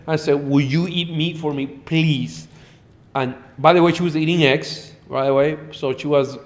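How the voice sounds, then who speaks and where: A middle-aged man, a doctor guest on a podcast, telling animated patient stories in a blunt, profane way. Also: a little high, moderate pace. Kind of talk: storytelling in a podcast interview.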